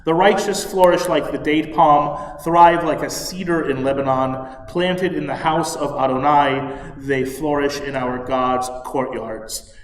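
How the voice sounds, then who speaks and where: Slow-speaking man in an echoey sanctuary. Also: on the high side, fairly even intonation. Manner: unhurried storytelling, clears throat often. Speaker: service leader. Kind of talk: sermon with a told joke. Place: synagogue sanctuary. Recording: echoey hall, far from mic.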